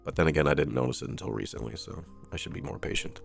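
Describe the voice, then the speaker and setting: A man with a very low voice runs a live stream of political news commentary. He reads headlines aloud and breaks off into sarcastic, profane asides. Soft music plays faintly behind him. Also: quick pace, vocal fry, breathy edge. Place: streaming setup.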